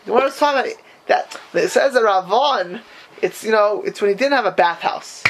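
A man teaching an informal Talmud class, mixing Hebrew and Yiddish terms into English and asking animated questions of his students. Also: a little fast, noisy background. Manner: animated, rising to high emphatic questions.

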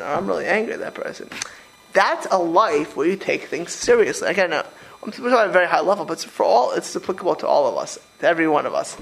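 Male rabbi, rapid animated sermon, slightly high voice, stumbling restarts. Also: vocal fry, poor audio. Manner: rapid, animated, with many restarts and repeated words. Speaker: rabbi giving a Torah class. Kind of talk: informal sermon to a group.

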